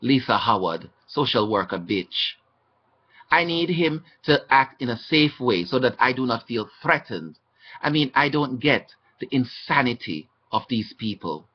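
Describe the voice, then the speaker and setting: Man on a webcam, indignant recounting of mistreatment, mid-pitched voice, muffled low-fi audio. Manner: aggrieved, indignant, acting out quoted exchanges. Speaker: former hospital patient recounting mistreatment. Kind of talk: webcam testimony monologue. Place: indoors.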